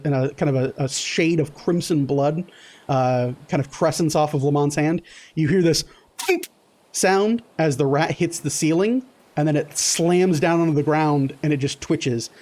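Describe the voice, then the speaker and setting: A man running a tabletop game as game master, narrating in a loose, halting way full of fillers. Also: fairly high pitch, darkish tone.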